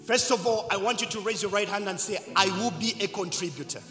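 A man preaching a sermon as pastor, leading call-and-response and swinging between loud shouts and quiet asides. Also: sits high, fast, soft background music. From Zambia. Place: church hall. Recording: echoey church hall.

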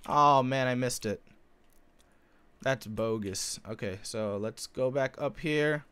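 A young man giving live gameplay commentary, excitable, his voice leaping up when something happens. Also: slow, clear, resonant tone. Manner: excitable, voice jumps high when he spots loot. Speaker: gaming YouTuber.

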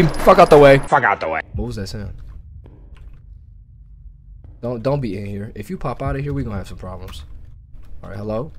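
A young man with a hoarse, sore throat, talking to his chat through a cheap USB mic at home as he plays a horror game, jumpy and cursing at the scares. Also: on the low side, slight background noise. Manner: jumpy, talks to himself and chat, yelps and cusses at scares. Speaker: gaming streamer. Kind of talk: horror game let's play commentary.

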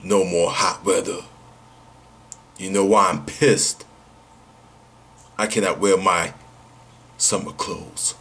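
A man vlogging to his viewers in a brash, slangy way, asking himself rhetorical questions and then answering them. His voice sits low and sounds a little husky. He takes his time and drawls each line out slowly. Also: fairly even intonation, fairly bright tone. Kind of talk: casual vlog announcement.

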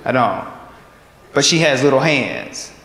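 A male stand-up comedian from Texas, performing an animated routine and laughing at his own jokes on a comedy club stage. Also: medium pitch, unhurried, background noise. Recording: echoey club hall with crowd. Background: audience laughter.

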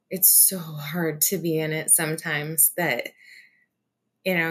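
A woman with a lowish, gravelly voice recounts her union fight over a video call. She talks earnestly and with feeling, stopping often with "um" and "like" to restart her thoughts. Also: a bit bright. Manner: earnest, emotional, many fillers and restarts. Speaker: union organizer guest.

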